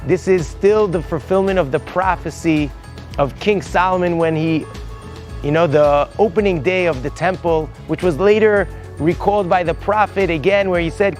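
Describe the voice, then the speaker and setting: A man's voice: sits high, normal speed, a little mellow, soft background music. A man, a rabbi, telling a heartfelt story on location outdoors at a holy site. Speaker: rabbi and guide.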